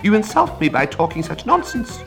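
Man doing a prickly storybook mouse, high squeaky voice, sharp and severe, music behind. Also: very animated, moderate pace. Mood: indignant. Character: touchy, angry small male mouse. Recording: reading over clear music.

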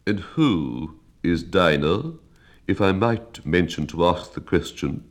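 A man voicing a fussy old lory bird in a storybook, speaking slowly and primly. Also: deep voice, expressive. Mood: wistful. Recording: reading over clear music.

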